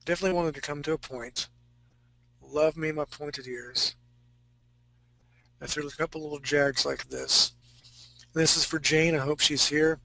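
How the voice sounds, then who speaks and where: A man's voice: a little high, steady tone, measured pace, creaky, pauses often, pushed and bright, poor audio. A man teaching a live fantasy-art drawing class, talking casually and joking with his students. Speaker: art instructor.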